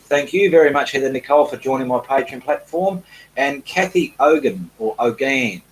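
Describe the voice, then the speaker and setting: A man's voice: medium pitch, a little fast, a little hiss or hum, low-quality recording. A middle-aged Australian man with an Australian accent, an artist chatting casually on a live stream and reading out viewer comments in a self-deprecating way.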